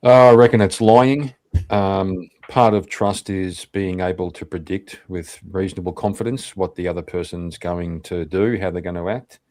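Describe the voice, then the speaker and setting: Low-voiced man reasoning it out. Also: steady tone, normal speed, a little mellow, dry recording. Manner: reasoned, explanatory. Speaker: debate participant. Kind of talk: casual online group debate. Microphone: video call mic.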